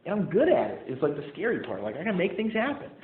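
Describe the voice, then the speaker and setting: A young man speaks to a meeting group about his own recovery, in a relaxed, chatty way that is full of "like" and "man." His voice echoes in the room and comes through a narrow, phone-like sound with faint noise behind it. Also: sits high, fast talker. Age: young adult. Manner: casual, animated storytelling with "man" and "like". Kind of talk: personal story told to a group. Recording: echoey room over a tinny phone-like line.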